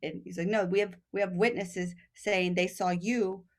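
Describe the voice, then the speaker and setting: A woman's voice: fairly low pitch, moderate pace. A woman from Texas, a podcast guest, telling a long story in casual chat, acting out the voices of the people in it and laughing often. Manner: animated, acts out quoted voices, laughs often.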